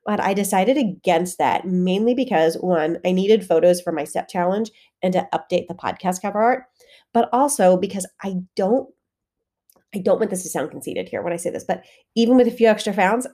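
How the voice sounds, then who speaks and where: Female fitness coach hosting her podcast, congested and a bit nasal, relaxed and candid. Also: on the low side. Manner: candid, conversational, with frequent fillers. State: congested, head-cold voice. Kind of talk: solo podcast monologue.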